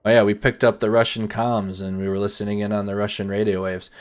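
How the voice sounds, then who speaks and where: A somewhat low-voiced man talks over footage on a live stream in a casual, chatty, energetic way. He comments freely and addresses viewers directly as the host. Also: fast. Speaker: host of nightly war update stream.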